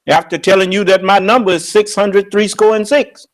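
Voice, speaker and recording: A man preaching on scripture with emphatic, confrontational delivery, slowing down to draw out quoted verses. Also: high voice, steady tone. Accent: American. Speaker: religious leader and teacher.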